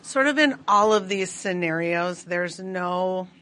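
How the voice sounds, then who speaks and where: A woman's voice: lowish voice, takes it slowly, a bit bright. A woman in the audience asking a thoughtful question. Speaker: audience member.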